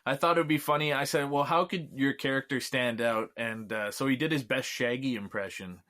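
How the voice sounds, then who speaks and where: A Canadian filmmaker is a guest on a relaxed podcast interview, speaking fairly quickly at an ordinary middle pitch. He chats loosely and laughs often between remarks.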